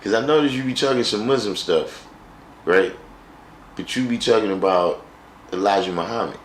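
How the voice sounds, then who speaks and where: Low-voiced man joking on a live stream. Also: moderate pace, reverberant, slight background noise, low-quality recording. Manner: wry, joking, repeats himself. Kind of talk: casual live-stream chat answering viewers.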